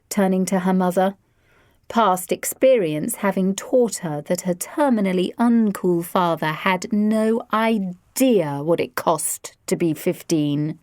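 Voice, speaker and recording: A woman narrating an audiobook in an expressive reading voice. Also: lowish voice, normal speed, dry recording, clean studio sound. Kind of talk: scripted narration.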